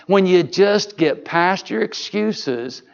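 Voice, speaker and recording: A man evangelist preaching to a congregation, telling a story in a folksy, animated way and joking with the crowd. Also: high voice, takes it slowly, gravelly, lo-fi sound. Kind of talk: sermon storytelling. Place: church service before a congregation.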